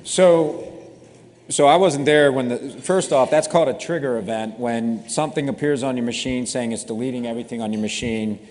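A man's voice: medium pitch, brisk. Man explaining incident response, reverberant. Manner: relaxed, explanatory, self-deprecating humor. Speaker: cybersecurity company founder. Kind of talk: interview answers.

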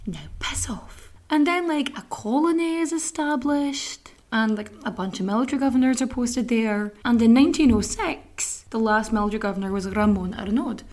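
A woman's voice: fairly high pitch, fairly quick, few pauses, darkish tone. A woman hosting a podcast, telling a history story in a chatty, wry way full of swearing and asides. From Ireland. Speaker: podcast host.

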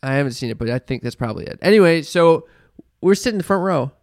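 A woman's voice: low-pitched, animated, fast talker, a little mellow, no room sound, clean studio sound. A woman co-hosting a podcast, telling a story in casual, profane chat. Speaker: podcast co-host.

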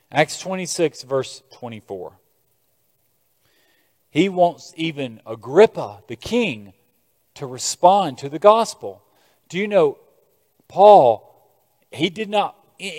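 An American man preaching a sermon as a pastor, moving between quiet scripture reading and loud, emphatic exhortation. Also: a little high. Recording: long reverb of a large hall.

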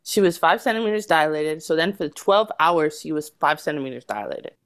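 With a deep voice and fairly quick pace, a woman from the United States guests on a podcast chat and spins a long story. She laughs a lot, stays animated and imitates people's lines as she quotes them.

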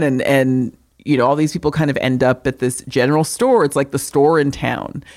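A woman co-hosting a podcast, recapping a movie in casual chat, swearing freely and animated. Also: sits low. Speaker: podcast co-host.

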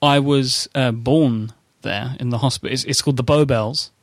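A man from England with a London accent, hosting a podcast and reading the sponsor spot in a brisk, upbeat way. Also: mid-range voice, dry recording. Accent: London English. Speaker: podcast host. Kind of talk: casual podcast chat and ad read.

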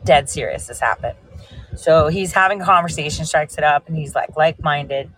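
Speaking straight to her viewers, a woman with a low voice tells rambling, animated stories while hosting a relaxed livestream chat. She keeps a moderate pace. The audio is poor, though there's no echo.

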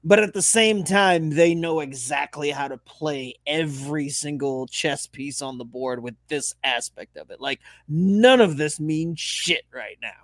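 A man's voice: fairly high pitch, a little slow, hardly any pauses, fairly bright tone, no echo. Rambling, sarcastic podcast co-host, man. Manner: rambling, profane, sarcastic musing. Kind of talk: casual sports podcast banter.

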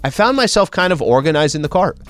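A man's voice: a little high, animated, quick pace, fairly bright tone, faint music behind. Easygoing man co-hosting a chat show. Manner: storytelling, easygoing, opinionated. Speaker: radio show co-host. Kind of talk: casual chat.

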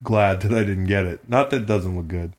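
A man's voice: low-pitched, fairly quick, a little mellow. A man hosting a casual chat, joking around and swearing freely. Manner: profane, joking. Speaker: host. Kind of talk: casual podcast banter.

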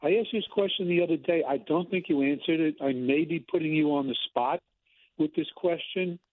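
A male caller on a radio show asking a question politely, pausing to search for a name. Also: on the high side. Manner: polite, halting, searches for words. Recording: tinny phone line.

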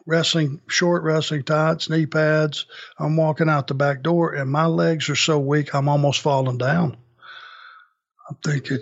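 Guy with a gravelly voice, kinda high for a man, spinning a story in a chat, dull lo-fi sound. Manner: animated anecdote-telling with lots of restarts. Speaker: interview guest. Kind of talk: casual storytelling.

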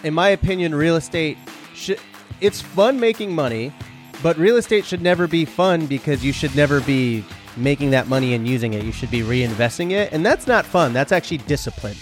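A man's voice: a little high, expressive, a little fast, faint music behind. A man co-hosting a podcast in casual, jokey banter with a rambling delivery. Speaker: podcast co-host.

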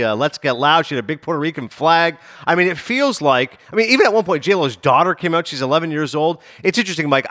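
A man's voice: on the high side, dry recording, clean studio sound. A man co-hosting a casual sports talk show, telling stories and acting out movie lines. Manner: animated storyteller, mimics lines. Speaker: podcast co-host.

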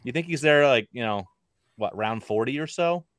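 A man with a mid-range, expressive voice co-hosts a podcast, chatting casually and rambling with plenty of fillers and restarts. He speaks at normal speed with a slightly bright tone, recorded in studio quality without echo.

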